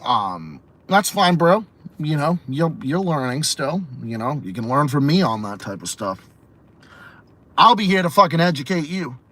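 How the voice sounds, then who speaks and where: Profane ranting man, lively voice. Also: on the high side, unhurried. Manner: profane, rambling, repeats himself, laughs often. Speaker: podcast host and streamer. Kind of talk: casual ranting livestream talk.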